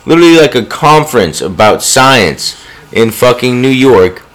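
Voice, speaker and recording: A young man chats casually with a friend and recalls shared stories in slang-heavy talk. His pitch is lively and moves a lot. The manner is laid-back. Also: moderate pace. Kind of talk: casual chat.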